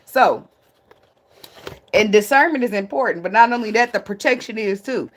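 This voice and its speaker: A woman's voice: mid-range voice, expressive, normal speed. Blunt, cussing woman reading tarot. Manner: blunt and profane, laughs often; rambling, talks herself into tangents. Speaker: tarot reader. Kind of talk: casual spiritual tarot reading.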